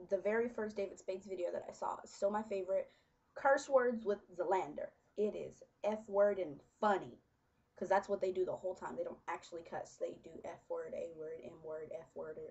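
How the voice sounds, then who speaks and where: A woman's voice: fairly low pitch, a little mellow, muffled recording. Chatty young woman vlogging casually. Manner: chatty, lots of fillers, laughs often. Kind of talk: casual chat.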